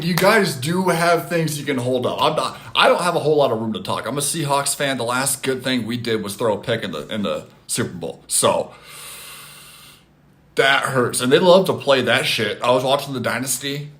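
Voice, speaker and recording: A man at home talks to his chat over a phone mic, in an animated, loose way. He swears casually and reads viewers' comments aloud, replying as he goes. His pitch is average for a man. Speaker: streamer. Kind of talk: casual live-stream chat.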